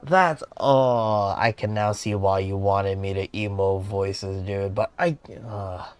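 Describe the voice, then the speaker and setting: A young man streaming a game, commenting in a casual, excitable, slangy way and laughing at his own voicing. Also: low-pitched, measured pace, clear, resonant tone.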